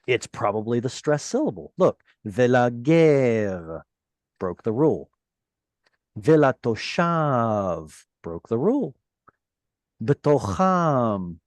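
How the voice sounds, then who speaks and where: A man teaching a Hebrew grammar class over a video call, animated and encouraging, with playful asides. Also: mid-range voice, no room sound.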